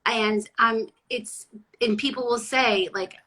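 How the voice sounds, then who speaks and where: A woman's voice: a little high, slow, rough recording. A middle-aged woman from Boston, a chef and former sports reporter, telling stories bluntly in a casual interview. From Boston area, USA. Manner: blunt, animated storytelling.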